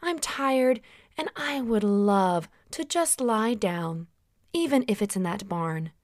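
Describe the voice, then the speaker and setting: A woman voicing young Mary, a gentle young woman, in a higher voice for a children's story. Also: lively intonation, takes it slowly, no echo, studio quality.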